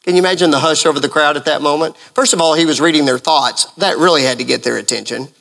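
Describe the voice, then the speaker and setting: A male pastor preaching a sermon in an animated way, full of rhetorical questions. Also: fairly high pitch, quick pace, creaky.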